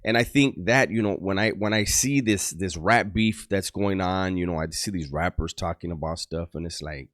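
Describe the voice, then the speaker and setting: A man telling street and prison stories in casual slang, full of restarts and gruff quoted voices. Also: low-pitched, moderate pace, few pauses, a bit bright. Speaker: storyteller on a channel. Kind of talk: casual storytelling.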